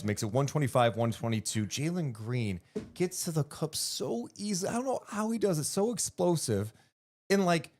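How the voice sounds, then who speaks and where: A man co-hosting a basketball podcast, talking through a game in animated, casual chat. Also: mid-range voice. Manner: animated, swings up when excited, swears casually.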